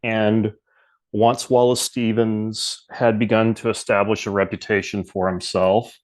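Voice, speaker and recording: A man co-hosting a podcast, telling an anecdote in a loose, rambling way. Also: lowish voice. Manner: loose, rambling, many fillers. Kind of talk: casual storytelling chat.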